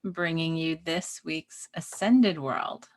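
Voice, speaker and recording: A woman co-hosting a spiritual talk show, speaking in a relaxed, rambling way and often checking in with "right?". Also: deep voice, slow. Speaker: podcast co-host. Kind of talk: spiritual conversation.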